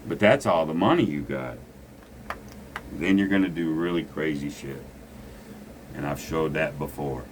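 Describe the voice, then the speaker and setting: Man, very low voice, blunt gambling teacher, faint noise behind. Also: a little slow, long pauses. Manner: blunt, preachy, swears freely. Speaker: gambling instructor. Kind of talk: casual craps lesson at a table.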